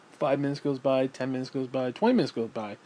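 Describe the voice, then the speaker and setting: With a warm, medium-pitched voice, a man shares a rambling story in a casual vlog filmed indoors at home. He curses without restraint and sighs again and again as he goes.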